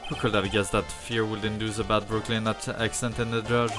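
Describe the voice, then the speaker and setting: Man streaming a visual novel, casual reading, low voice, game music behind. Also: flat delivery, fairly quick, few pauses. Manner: casual, swears, laughs at the game.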